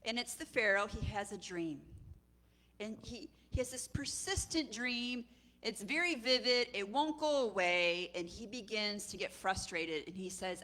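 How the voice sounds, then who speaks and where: A woman preacher giving a sermon, retelling a story in a lively, conversational way and acting out its characters. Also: medium pitch, a little slow. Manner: animated, conversational storytelling with acted voices. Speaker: executive director and preacher.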